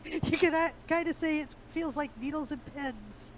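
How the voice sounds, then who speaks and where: A woman's voice: sits high, normal speed, highs cut off, a crowd in the background. A woman playing a tabletop game with a sore throat, stammering a little when flustered. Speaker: player.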